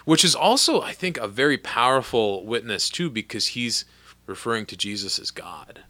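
A man talking through a gospel passage in a relaxed conversation, thinking aloud with restarts and often checking for agreement. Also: medium pitch, moderate pace, no echo. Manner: thoughtful, frequent restarts, asks for agreement with "right?". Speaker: clergy discussing scripture. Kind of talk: casual theological conversation.

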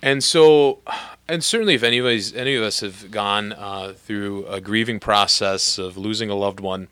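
A man talking through a gospel passage in a relaxed conversation, thinking aloud with restarts and often checking for agreement. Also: on the low side, moderate pace, clear, resonant tone, no echo. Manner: thoughtful, frequent restarts, asks for agreement with "right?". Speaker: clergy discussing scripture. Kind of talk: casual theological conversation.

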